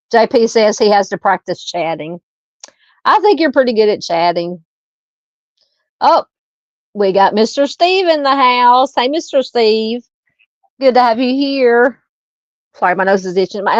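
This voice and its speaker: On a dull, lo-fi, dry home mic, a woman with a Southern US accent speaks in a fairly high, animated voice, a little slowly and with long pauses. She hosts a true crime livestream, reading viewer comments and chatting casually with plenty of ums and uhs.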